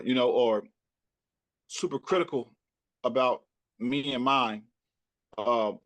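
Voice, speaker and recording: A man with a Southern US accent, a rapper talking loosely and repeating himself in a relaxed interview chat. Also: mid-range voice. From Texas. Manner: loose, repetitive, laughing often. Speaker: rapper and podcaster guest. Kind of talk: casual chat.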